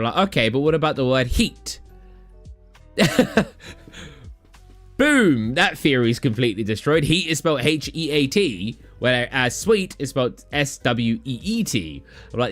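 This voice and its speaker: This young man from Britain talks loosely to his stream audience, wandering between thoughts and performing his reactions. He has a medium-pitched, sing-song, slightly bright voice at normal speed, recorded in a dry room with faint background music.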